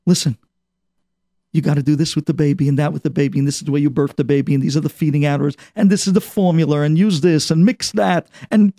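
A man's voice: fairly high pitch, steady tone, fast talker, dark tone, no room sound, studio quality, pitched below the performer's own voice, lightly acted. A man doing a scolding, fussing young mother. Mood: instructing. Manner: rattling off instructions, scolding.

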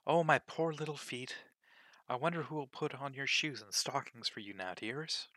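Man as a fretful, puzzled little girl in a storybook, bright and raised voice, crisp dry read. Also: medium pitch, animated, normal speed, dry recording. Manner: wondering, fretful talking to herself. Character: curious, easily flustered young girl.

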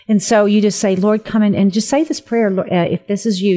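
A woman's voice: mid-range voice, fairly even intonation, fairly quick, hardly any pauses, dark tone. A woman co-hosting a faith talk show on the radio. She speaks in an earnest, fervent way and leads listeners through a spoken prayer. Her voice sits in a middle range.

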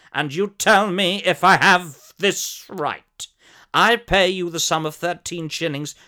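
A man's voice: a little high, bright, forceful tone. A man voicing a pompous elderly former soap actor, telling a fussy, theatrical comic story. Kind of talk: comic character monologue.

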